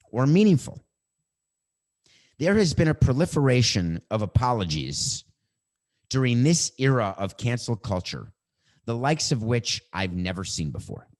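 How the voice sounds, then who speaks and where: Wry, emphatic middle-aged man hosting. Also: medium pitch. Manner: emphatic, wry, stretches words for effect. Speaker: sports podcast host. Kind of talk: opinionated monologue.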